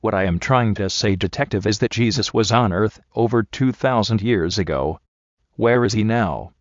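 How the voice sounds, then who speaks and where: A man voicing a smooth, menacing male motivational speaker who talks in a slow, persuasive, coaxing way. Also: on the low side, no room sound, lo-fi sound, natural voice.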